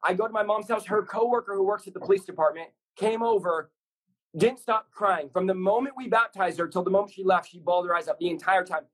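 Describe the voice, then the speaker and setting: High-voiced guy preaching his heart out, kinda husky, rambles fast and fired up. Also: a bit bright, poor audio. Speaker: pastor and podcast guest. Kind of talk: fast energetic testimony sharing.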